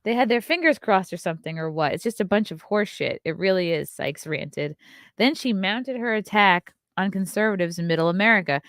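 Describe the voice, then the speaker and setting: A woman's voice: medium pitch, animated, a little fast, a bit bright, dry recording, studio quality. A woman hosting her own show, reading news stories aloud and breaking off for sarcastic, profane, scornful asides. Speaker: host.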